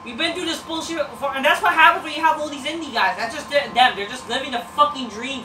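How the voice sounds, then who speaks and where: A man's voice: extremely high pitch, fast talker, hardly any pauses. Profane, rambling man on a distant mic. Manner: profane, rambling, dismissive, many fillers. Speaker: wrestling show reviewer. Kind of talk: casual rambling review. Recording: roomy distant mic with background noise.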